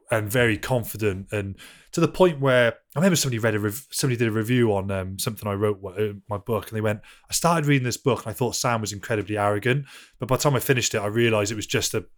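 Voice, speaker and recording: A man in his thirties, a podcast guest telling casual stories in an animated way, swearing freely and laughing as he talks. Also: medium pitch. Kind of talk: casual anecdotal storytelling.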